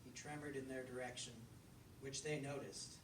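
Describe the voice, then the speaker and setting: Male author, relaxed live reader, chatty asides; distant mic in an echoey shop. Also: medium pitch, normal speed. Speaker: author reading his fiction. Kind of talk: live reading at a book launch. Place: bookstore event room. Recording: echoey room, distant mic, crowd hum.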